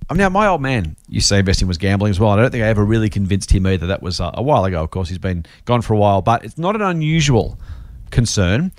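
A man's voice: fairly low pitch, fast talker, no echo. A man hosting a casual finance podcast, joking and reading listener mail aloud. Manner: jokey, animated, reads listener mail aloud. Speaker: podcast host.

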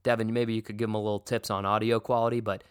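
A man's voice: on the low side, little pitch movement, very fast, clear, resonant tone, no echo, clean studio sound. A man hosting a comedic fantasy football podcast, ranting indignantly with lots of profanity. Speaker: podcast host.

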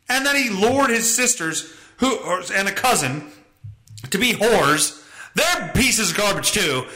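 A man's voice: high voice, bright, forceful tone, roomy sound, low-quality recording. A man hosting his own podcast, ranting in a crude, profane and joking way. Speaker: podcast host. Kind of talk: solo comedic rant podcast.

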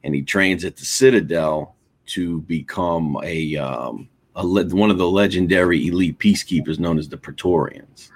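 A man talking as a guest on a podcast, animated and laughing, often repeating words as he restarts. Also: deep voice, normal speed, breathy edge. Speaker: guest, comic creator. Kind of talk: casual podcast chat.

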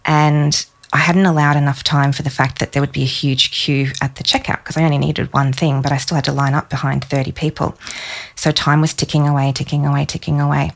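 A woman in her thirties, a psychologist guest on a podcast, telling a personal story warmly and with emotion. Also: low-pitched, level tone, fairly quick, creaky, few pauses. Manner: warm storytelling, emotional in places.

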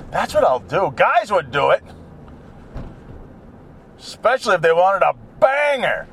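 A man's voice: sits high, big pitch swings, measured pace, vocal fry, long pauses, a bit bright, slight background noise. A middle-aged man chatting casually while driving, rambling from topic to topic and grumbling at other drivers. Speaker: vlogger. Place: in a car.

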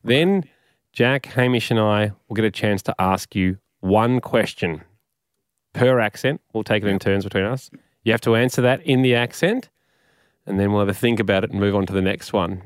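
A man's voice: lowish voice, moderate pace, clear, resonant tone, dry recording. A man co-hosting a comedy show, patiently explaining a game and laughing easily. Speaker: radio comedy co-host. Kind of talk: casual comedic banter.

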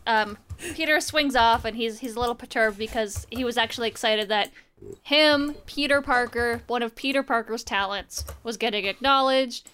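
A woman's voice: on the high side, moderate pace, fairly bright tone, a little hiss or hum. Wry, chatty young woman recapping comics. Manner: chatty, wry asides, acts out quoted lines. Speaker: podcast co-host. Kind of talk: casual comic book recap.

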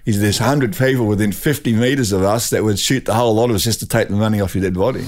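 A man's voice: lowish voice, fast. Older Australian man telling a rambling story. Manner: rambling, animated, with restarts and laughs. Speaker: guest, retired drag racing champion. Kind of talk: storytelling anecdote.

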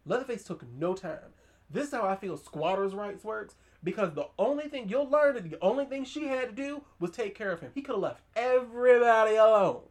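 A woman podcast host telling a film's story in loose, chatty fashion. She talks with emphatic energy, full of slang and blunt asides, and her voice sits at a middling pitch. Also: a little mellow. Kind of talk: casual movie recap chat.

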